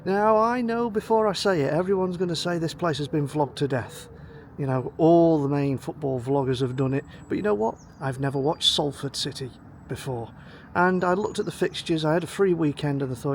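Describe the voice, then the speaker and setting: A man from North West England vlogs casually while walking outdoors to a station, a little out of breath, chatting about a football trip and thinking aloud with ums. His voice is fairly high and at a normal speed, caught on a handheld camera mic with a slight hiss or hum.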